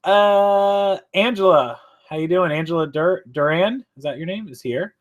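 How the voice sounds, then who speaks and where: A man with a high-pitched voice hosts a casual live stream from his home office, talking at normal speed. He rambles chattily, corrects himself, and answers viewers' comments. The highs in the audio are cut off.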